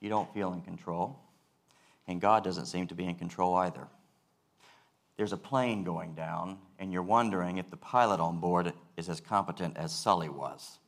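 A male pastor giving a sermon, earnest and measured, repeating key phrases for weight. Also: sits low, gravelly.

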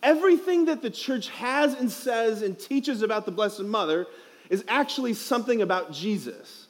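A man's voice: sits high, lively intonation, normal speed. A young man, a priest, giving a playful, emphatic homily at a youth conference, asking the crowd questions, speaking into a headset mic.

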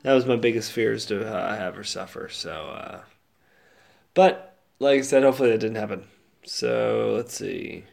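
A man's voice: on the low side, moderate pace, gravelly, darkish tone. A man hosting his own show, rambling casually with lots of fillers and restarts, sounding sad and subdued. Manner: rambling, laid-back with many fillers and restarts. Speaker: podcast host. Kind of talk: casual solo monologue.

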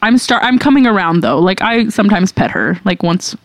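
A woman's voice: medium pitch, animated, a little fast, no echo. A young woman co-hosting a podcast, reading listener questions aloud and answering them in a candid, laughing, profane way. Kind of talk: casual podcast chat.

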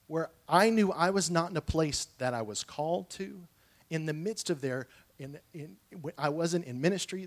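A man telling personal stories in a sermon, earnest and conversational, with frequent restarts and asides. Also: a little high. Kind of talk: sermon storytelling.

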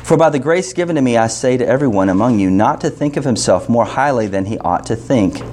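A man's voice: mid-range voice, animated, fairly quick, darkish tone, a little hiss or hum. A male pastor preaching a sermon in a casual, joking tone, counting off numbered points and reading scripture.

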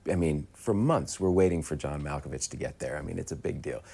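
A man's voice: very deep voice, brisk, creaky, breathy edge. A man telling a story about a film set, acting out the other people in it. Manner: animated, mimics others' voices. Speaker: actor telling an anecdote. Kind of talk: storytelling on a talk show.

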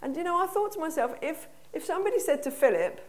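A woman's voice: very high-pitched, animated, fast talker. A woman preacher with an English accent gives a conversational sermon, putting questions to her congregation in a church hall.

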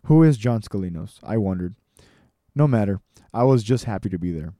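A man reading a personal story aloud, measured and with dramatic pauses. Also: lowish voice, animated, warm tone, no echo, studio quality.

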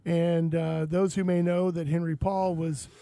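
A man from Texas hosts a radio show, his voice sitting high for a man. He tells stories in a casual, animated way and laughs easily. The studio sound is close and dry. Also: unhurried, vocal fry, dry recording. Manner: storytelling, animated, laughs often.

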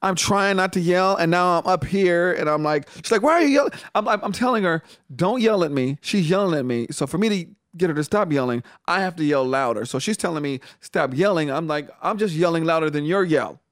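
A man in a casual podcast chat who jokes and chimes in with quick remarks. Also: fairly high pitch, fairly bright tone, no echo, studio quality.

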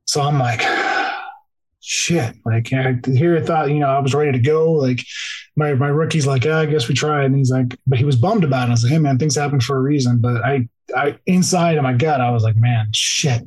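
Husky guy on a podcast telling his story, kinda rambly, lots of likes, choked up a bit. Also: mid-range voice, fast, a little mellow, low-quality recording. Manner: heavy use of "like", restarts, tearful. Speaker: podcast guest, police officer. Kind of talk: emotional storytelling.

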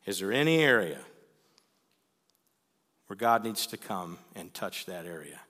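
A man preaching a sermon as the pastor, earnest and pleading, sometimes pushing to loud emphasis. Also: low-pitched, big pitch swings, a little slow, long reverb tail. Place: church sanctuary.

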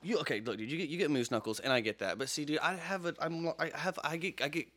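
Man, podcast co-host, casual chat, raised pitch, bright tone, profane, rambling. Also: quick pace. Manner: profane and rambling, with sudden loud outbursts. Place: podcast studio.

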